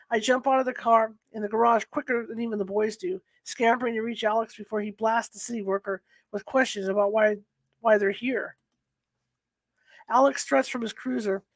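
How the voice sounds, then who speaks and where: A woman's voice: fairly high pitch, no echo. A woman reading a first-person novel aloud, unpolished, often restarting and correcting herself. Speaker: audiobook reader.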